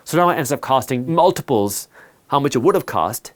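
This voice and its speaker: Male host for a finance talk. Lively pitch, punchy repetition, storytelling delivery. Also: brisk. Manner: emphatic, repeats key words for effect.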